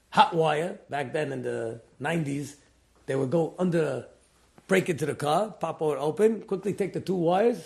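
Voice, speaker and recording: A male rabbi tells a story to his class. His voice sits a little high a gravelly edge, and he throws himself into the characters, jumping up and down in pitch as he acts them out. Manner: animated storyteller, acts out quotes with big pitch jumps.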